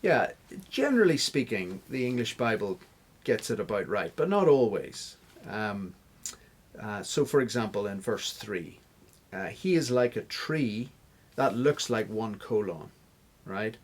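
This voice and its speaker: A man's voice: lowish voice, big pitch swings, a little slow, slightly rough. A man answering interview questions as a guest scholar, explaining step by step like a teacher. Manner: teacherly, stops to spell out examples.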